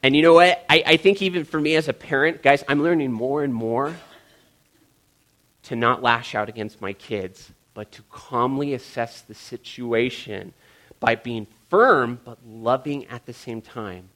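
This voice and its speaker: A man's voice: medium pitch, measured pace, a bit bright. A male pastor and parent giving a sermon in a joking, conversational way, often calling his listeners guys.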